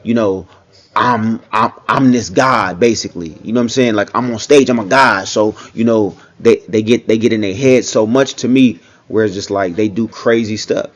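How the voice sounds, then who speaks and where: Laid-back man with a lowish voice. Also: normal speed, dull audio. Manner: conversational, keeps saying "you know what I'm saying". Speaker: commentator. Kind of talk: casual reaction commentary.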